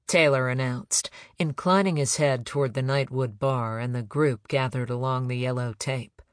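Measured male audiobook narrator, dry sound. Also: medium pitch, no room sound. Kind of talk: scripted novel narration.

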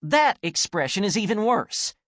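A man reading an audiobook and voicing an exasperated young woman who snaps indignantly, her voice rising high. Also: sing-song, moderate pace, a bit bright, no room sound, studio quality. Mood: angry. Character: exasperated young woman, sharp-tongued and desperate. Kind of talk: audiobook character voice.

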